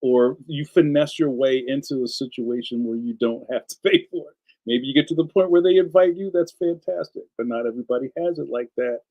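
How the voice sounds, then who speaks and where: A middle-aged man hosting a casual live stream, ranting in an animated way and reading viewer comments aloud. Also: mid-range voice, fairly quick, low-quality recording. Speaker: live stream host, cartoonist.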